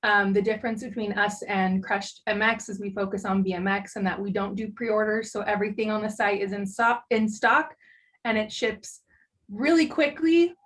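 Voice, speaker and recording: A woman joins a casual interview over a video call, explaining her products in a chatty way. She talks easily and fills her pauses with "um.". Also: mid-range voice, steady tone, fairly bright tone, rough recording. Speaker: guest, glove company owner.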